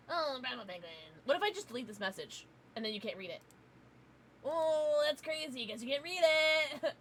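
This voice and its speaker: Bubbly, bright-voiced woman streamer. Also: on the high side, expressive, normal speed, pauses often. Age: adult, parent. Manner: giggly, playful, teasing outbursts. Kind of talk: casual livestream chat, reading chat.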